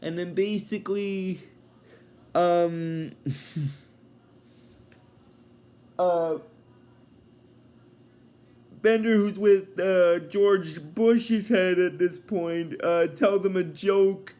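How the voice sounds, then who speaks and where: A man retells a cartoon episode at a slow, meandering pace, full of fillers. His voice sits high for a man and stays casual throughout. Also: steady tone, warm tone. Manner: rambling, many fillers, chuckling asides. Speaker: episode reviewer.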